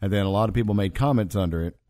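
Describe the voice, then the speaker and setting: Dark-toned man hosting casual chat. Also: on the low side, racing, no room sound, studio quality. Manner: teasing, leads the topics. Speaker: podcast host.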